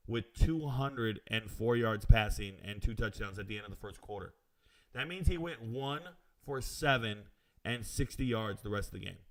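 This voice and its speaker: A man's voice: medium pitch, gravelly. A man hosting a live stream who reads out viewer comments and answers them in a brash, self-assured way, with casual slang and chatty asides. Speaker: sports betting show host.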